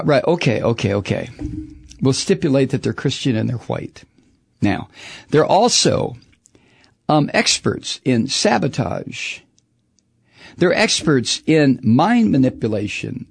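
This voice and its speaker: A man delivering an animated, profane political rant, rambling with sudden whoops. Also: mid-range voice, gravelly, slightly rough, no echo, clean studio sound. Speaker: political commentator.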